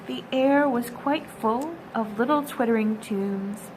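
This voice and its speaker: A woman reading a classic children's story aloud at a storytime, gentle and expressive. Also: on the high side, measured pace, few pauses, slight background noise, low-quality recording. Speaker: storytime reader.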